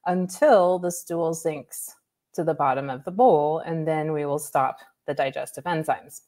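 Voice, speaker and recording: A woman naturopathic doctor, a guest on an interview, explaining health topics in a lively way with examples and asides. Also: low voice, unhurried. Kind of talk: conversational expert explanation.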